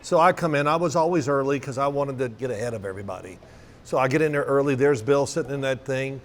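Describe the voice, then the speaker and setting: A man in his sixties telling stories in a roundtable chat, animated and acting out quotes with laughs. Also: mid-range voice, fast, slight background noise. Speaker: former quarterback.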